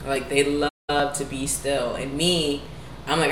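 Low-voiced woman chatting candidly in an echoey room. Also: steady tone, unhurried. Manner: chatty, candid, lots of "like" fillers. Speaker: podcast co-host. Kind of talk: casual chat. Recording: echoey room, light noise.

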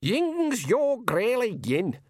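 Diminuto guerrero azul, chillón. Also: male voice, huge pitch swings, drawn-out words, no room sound, studio quality, heavily acted. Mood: eager. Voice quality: shrill, thick dialect. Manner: screaming, gruff. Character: tiny fierce blue male pictsie warrior.

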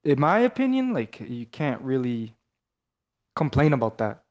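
A man's voice: mid-range voice, very animated, moderate pace. A young man co-hosting a casual podcast, talking animatedly with lots of fillers and swearing. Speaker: podcast co-host. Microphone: headphones, off his usual mic.

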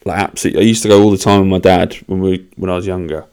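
Man, young adult, low pitch, clear voice, podcast host, casual rambling monologue, sweary. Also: fairly even intonation, rapid-fire, a little mellow. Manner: loose, sweary and self-mocking.

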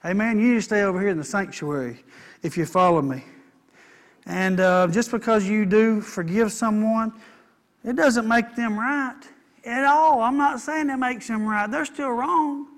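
At a normal speed and with a voice that sits high, this pastor gives a sermon. He's folksy and repetitive, and he asks the congregation for amens.

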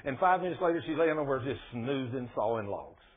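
A man preaching a sermon in a folksy, colloquial way, telling animated personal stories to his listeners. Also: mid-range voice, a little fast. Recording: tinny phone-like radio broadcast.

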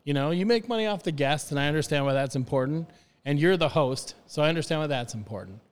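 A man's voice: a little high, expressive, fast, clear, resonant tone, big-room sound. A man on a podcast talking earnestly about hospitality in a rambling, casual way with many restarts.

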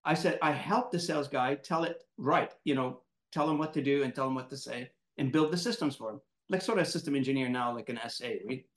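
A man hosting an interview, telling a personal story in a lively, animated way and acting out quotes. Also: medium pitch, fairly quick, few pauses, reverberant. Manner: animated, laughing storyteller who acts out quotes. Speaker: podcast host, moderator. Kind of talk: casual storytelling in conversation.

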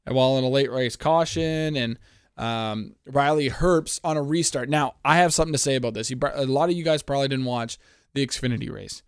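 A man's voice: mid-range voice, fairly quick, clean tone, dry recording, studio quality. A man from Canada hosting a casual sports podcast, ranting in a profane, heated, rambling way. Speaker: podcast host.

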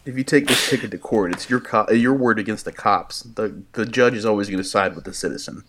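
A man's voice: fairly low pitch, brisk, fairly bright tone, a little hiss or hum. A man from the Midwest co-hosting a podcast, chatting and musing about a movie. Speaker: podcast co-host. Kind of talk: casual movie chat.

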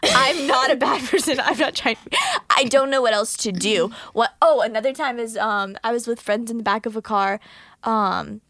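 Young woman, podcast co-host, casual storytelling, keeps giggling, slightly high voice, dry close sound. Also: normal speed, fairly bright tone, no echo. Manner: giggly, laughs through her stories.

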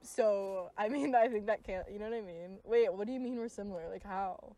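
A woman's voice: medium pitch, brisk, dark tone. A young woman from Los Angeles co-hosting a podcast, chatting casually in a rambling, jokey way full of swearing. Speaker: podcast co-host. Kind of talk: casual chat.

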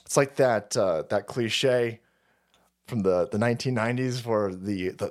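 A man's voice: on the low side, measured pace. A man hosting a live stream, ranting in a sarcastic, foul-mouthed way. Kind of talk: profane political rant stream.

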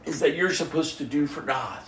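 A man delivering a sermon as a pastor, telling an emotional personal story and often dropping his voice to a hushed near-whisper. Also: fairly high pitch, a little fast, reverberant, slight background noise.

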